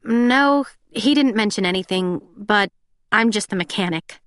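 A woman's voice: mid-range voice, a bit bright, no room sound, studio quality, close to an everyday voice. A woman voicing a flustered teen girl mechanic. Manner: hesitant, rushed.

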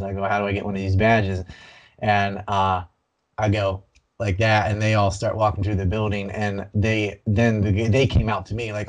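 A man guest in a casual interview, telling his story in an animated, rambling way with many restarts. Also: on the low side, normal speed. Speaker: banned video creator.

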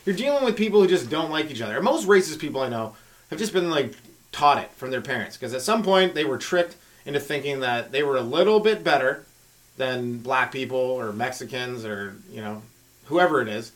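A man doing a rambling stand-up comedy monologue on his podcast, riffing with frequent asides to the listener and swinging between loud and hushed delivery. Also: mid-range voice, lively intonation, brisk. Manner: riffing, talks to listener with frequent "right?" and "you know".

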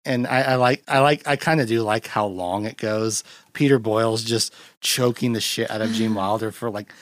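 A man's voice: fairly low pitch, fairly even intonation, normal speed, no echo. A man hosting a podcast, recapping a film in loose, rambling casual chat and acting out quotes in a raised voice. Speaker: podcast host.

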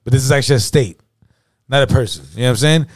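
A man's voice: medium pitch, very fast, no room sound, clean studio sound. A man on a podcast telling a story in casual chat, slangy and profane, forever asking "you know what I mean". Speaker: podcast co-host.

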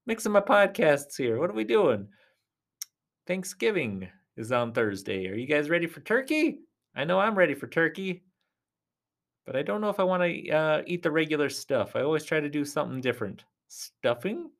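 A man hosting a casual solo podcast, rambling and chatty, talking straight to his listeners in a reassuring way, often dropping to soft near-whispers. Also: a little high, big pitch swings, normal speed, vocal fry. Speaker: podcast host.

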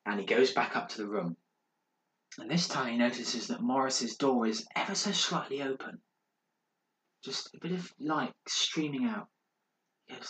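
Podcast guy telling a ghost story, hushed and dramatic, bright voice, echoey room. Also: mid-range voice, expressive, normal speed, slight background noise. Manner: dramatic, hushed, building suspense. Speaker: podcast co-host. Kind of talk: casual storytelling. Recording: roomy echo.

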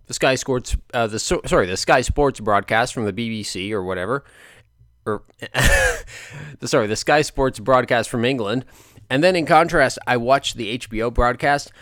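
A man talking through a boxing fight in a casual, animated monologue with lots of filler words. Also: mid-range voice, normal speed, dry recording, studio quality. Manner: animated, chatty, frequent fillers. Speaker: boxing commentator vlogger.

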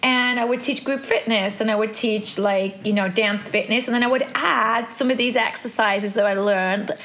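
A woman in her forties from the Black Country in England, her accent softened by years in America, chatting quickly as an interview guest and laughing often. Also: fairly high pitch, fairly even intonation, slight background noise. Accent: English Black Country, softened by travel and time in America. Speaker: guest, Pilates instructor and former dancer. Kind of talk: casual interview chat.

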